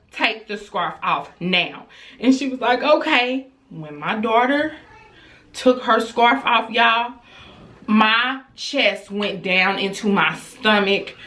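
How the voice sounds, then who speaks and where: A woman in her thirties telling a storytime to her viewers in a casual, animated way, acting out her children's voices. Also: fairly high pitch.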